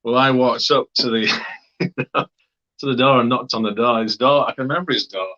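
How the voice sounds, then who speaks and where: A man's voice: mid-range voice, brisk, pushed and bright, dull audio. A man from Wakefield, England, telling a story in a casual, rambling way, with many fillers and hesitations. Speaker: interviewee.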